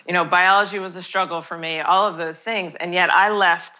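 A woman's voice: fairly low pitch, fairly even intonation, a little fast, muffled recording. A woman interviewer talking casually and enthusiastically, laughing easily as she builds to her questions.

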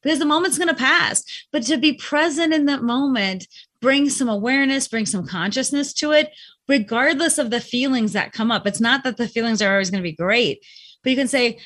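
Bright high-voiced woman talking. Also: fairly quick. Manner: reflective, uses acted inner voices. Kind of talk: casual conversation on mindset.

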